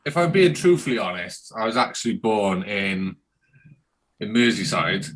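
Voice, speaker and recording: A man's voice: fairly low pitch, sing-song, moderate pace, over a noisy crowd. A man, a laid-back guest on a live chat show. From Wales. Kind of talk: casual live-stream banter.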